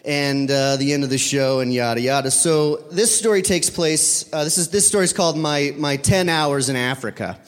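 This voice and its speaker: A man's voice: on the high side, normal speed, hardly any pauses. A man telling a personal story to an audience, rambling and correcting himself with many fillers. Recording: long reverb of a hall.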